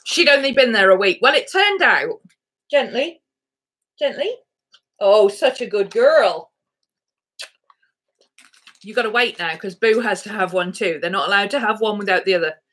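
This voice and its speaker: A woman's voice: medium pitch, animated, moderate pace, a bit bright. A woman vlogger chatting casually to camera, rambling through a story and cooing baby talk at her dogs.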